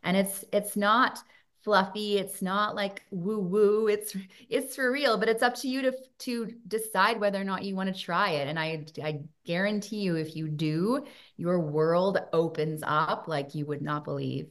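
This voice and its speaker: A woman talking earnestly in an interview, telling personal stories with animated moments. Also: mid-range voice, measured pace. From Canada. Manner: earnest storytelling, animated when recounting signs. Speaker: guest.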